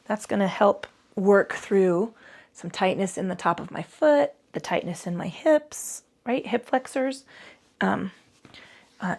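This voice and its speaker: A yoga instructor talks her way through the poses in a mid-range, slightly mellow voice, breathing heavily and a little out of breath. She keeps up chatty, self-mocking asides and casual swearing.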